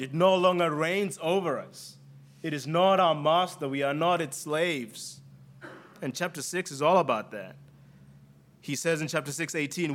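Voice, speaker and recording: His voice runs on the high side and a bit bright, carrying a noticeable non-native English accent. Preaching with earnest emphasis, he repeats key phrases deliberately for weight.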